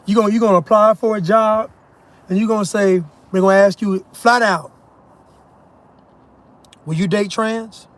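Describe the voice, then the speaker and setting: A man's voice: sits high, steady tone, brisk, no echo. A man delivering an emphatic, mocking monologue rant as a commentator, laughing at his own points. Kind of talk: ranting monologue.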